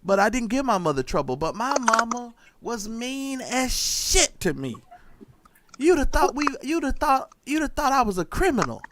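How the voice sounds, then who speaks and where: A man on an online call, casually telling stories in an animated, profane way and talking straight to listeners. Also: very high voice, moderate pace, noisy background. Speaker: show co-host. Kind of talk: casual storytelling chat.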